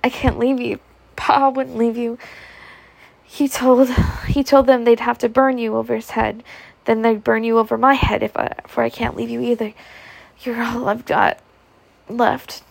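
A woman reading aloud, voicing a fierce, frightened young mother who gives urgent, sharp commands. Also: fairly high pitch, flat delivery, unhurried, creaky, rough recording. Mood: fearful.

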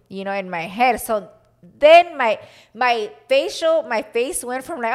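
Lebhafte Frau, erzählt und spielt Stimmen nach. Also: female voice, on the high side, measured pace. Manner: animated storytelling, acts out quoted voices, mixes in Spanish phrases. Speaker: podcast co-host. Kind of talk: casual chat.

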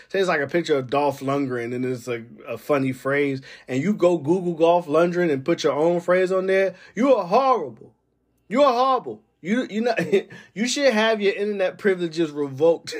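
A man with a fairly high speaking voice hosts his own podcast, talking casually and wandering from thought to thought. He laughs often as he goes and turns loud and emphatic when he drives a point home. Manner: chatty and rambling, laughing often between phrases. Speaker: podcast host. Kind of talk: casual solo podcast talk.

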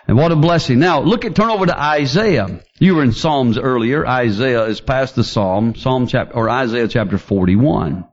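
A man preaching a sermon, fervent and building to near-shouts as he quotes scripture. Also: medium pitch, animated, normal speed, hardly any pauses, dull audio.

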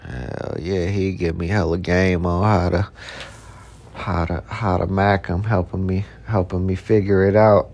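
A man's voice: low voice, flat delivery, measured pace, vocal fry, darkish tone. A man rambling casually through personal stories, slangy and profane, with many repeated words and restarts. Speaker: podcast host. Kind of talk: casual storytelling monologue.

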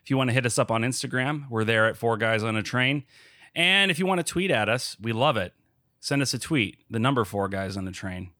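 A man hosting a comedy podcast, narrating deadpan and reading listener comments aloud. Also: mid-range voice, fairly quick, no echo, clean studio sound. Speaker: podcast host. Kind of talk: comedic narration and casual chat.

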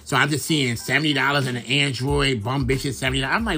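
A man's voice: on the high side, brisk, bright, forceful tone, soft background music. Chatty profane Brooklyn man gossiping. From Brooklyn, New York. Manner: chatty, profane, rambling with many fillers. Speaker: podcast host. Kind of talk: casual gossip monologue.

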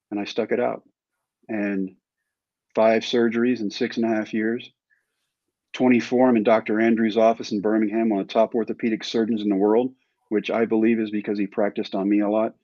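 A man's voice: fairly low pitch, flat delivery, fairly quick, no room sound. A man from Texas telling his own story as an interview guest, in a wry, self-deprecating way. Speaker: interview guest, former pro baseball player. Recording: dry, slightly dull recording.

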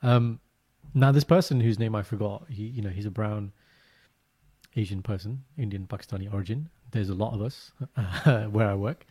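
A man co-hosting a podcast, telling a story in a casual, animated way and jumping into high, exaggerated voices. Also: normal speed, husky. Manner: animated storytelling, breaks into high mock greetings. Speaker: podcast co-host. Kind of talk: casual chat.

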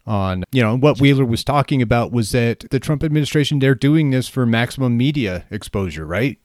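A man co-hosting a political podcast, blunt, with halting restarts. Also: medium pitch, animated, a little mellow, dry recording, clean studio sound. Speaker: podcast co-host.

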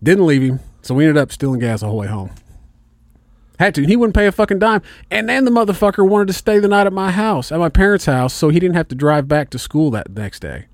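A man from Indiana telling a story in casual chat, animated and heavy on swearing. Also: a little high, fast talker, dry recording, studio quality.

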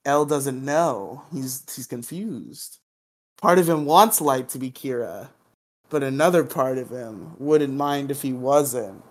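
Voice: medium pitch, slow pace. A podcast co-host giving a casual, playful recap of a drama episode, humming dramatic sound effects and laughing along the way.

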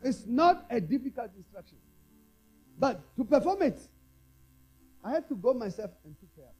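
A man preaching a sermon with a high, lively voice that climbs and falls across a wide range. His tone is mellow rather than sharp. He moves between hushed asides and raised calls to the congregation over faint music. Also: normal speed, low-quality recording. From South Africa. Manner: call-and-response preaching, asks the congregation to repeat lines; swings from quiet, low asides to loud, raised exhortation. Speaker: apostle preaching.

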